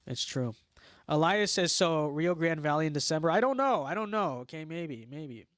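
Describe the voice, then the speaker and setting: A man's voice: fairly high pitch, expressive, moderate pace, fairly bright tone, no echo, clean studio sound. A young man from Los Angeles hosting a casual livestream, reading chat messages aloud and answering them in a wry, sarcastic, mock-boastful way. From Los Angeles, United States.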